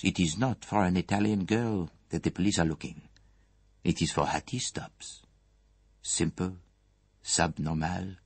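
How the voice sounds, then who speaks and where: A man voicing a shrewd, fussy elderly detective who speaks in a measured, gently relentless way in an audiobook reading. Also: lowish voice, breathy edge, dry recording, full character voice.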